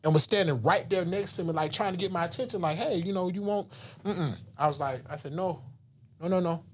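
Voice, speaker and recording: Animated storytelling man. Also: high-pitched, a little fast. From Southern US. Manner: animated, slangy, acts out voices and whispers. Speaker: podcast guest. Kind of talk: casual storytelling.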